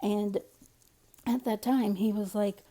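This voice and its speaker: Woman, casual storyteller; soft, warm tone, rambling and candid. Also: mid-range voice, steady tone, takes it slowly.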